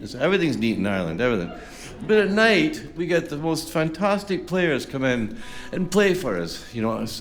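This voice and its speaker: A man chatting between songs at a folk concert, rambling and self-deprecating with lots of fillers, on a stage microphone. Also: fairly high pitch. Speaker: folk singer-songwriter. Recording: live concert with faint music behind.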